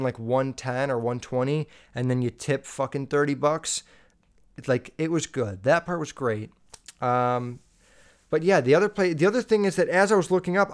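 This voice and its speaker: A young man hosting a podcast alone, telling a story in blunt, profane, animated casual chat. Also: on the high side, clear, resonant tone. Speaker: podcast host.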